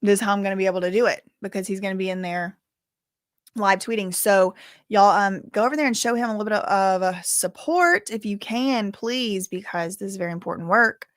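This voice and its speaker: A woman's voice: medium pitch, brisk, no echo, studio quality. A woman chatting casually on a live stream, updating viewers on a court hearing and reading their comments aloud with lots of filler words. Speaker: livestream commentator on a court case.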